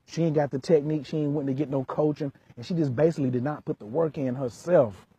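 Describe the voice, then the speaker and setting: A man's voice: fairly high pitch, fast talker, mellow, husky. A man working as a relationship coach, lecturing hard in an emphatic vlog rant full of street slang.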